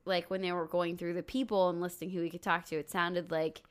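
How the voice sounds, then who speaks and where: A woman's voice: lowish voice, flat delivery, a little fast, smooth. A woman co-hosting a podcast in casual chat, making wry joking asides. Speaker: podcast co-host.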